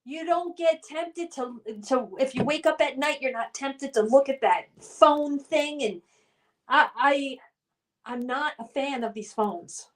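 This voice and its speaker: A woman's voice: high voice, unhurried, recorded from a distance. A middle-aged woman hosting a live stream, reading viewer comments aloud in a chatty, upbeat way. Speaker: livestream host reading chat. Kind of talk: casual live-stream chat.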